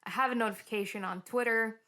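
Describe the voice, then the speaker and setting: A woman's voice: fairly high pitch, fairly even intonation, fast, pushed and bright. A young woman co-hosting a podcast from a couch at home, chatting casually and telling stories with frequent giggles. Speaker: podcast co-host. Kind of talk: casual chat. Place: living room couch.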